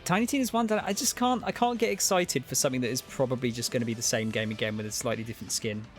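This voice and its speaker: A man's voice: medium pitch, very fast, soft background music. A man co-hosting a stream, giving wry, unimpressed reaction commentary. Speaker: stream co-host.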